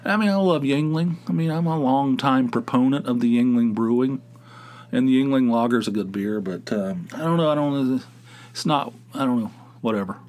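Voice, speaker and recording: A middle-aged man hosting a podcast, rambling casually and mocking excited people with put-on voices. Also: medium pitch, moderate pace. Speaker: podcast host. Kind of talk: casual solo podcast rant.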